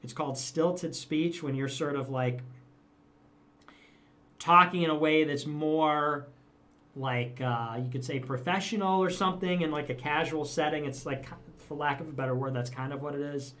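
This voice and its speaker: A young man with a Chicago accent, rambling and halting through a casual livestream monologue. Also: on the high side, a bit bright. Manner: rambling, halting, self-deprecating. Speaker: livestream broadcaster.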